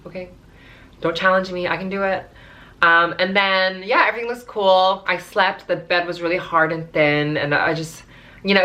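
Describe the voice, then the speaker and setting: A woman's voice: deep voice, sharp tone. A young woman in her twenties telling a travel story in a chatty, dramatic way, swearing freely and using lots of fillers. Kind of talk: casual story time.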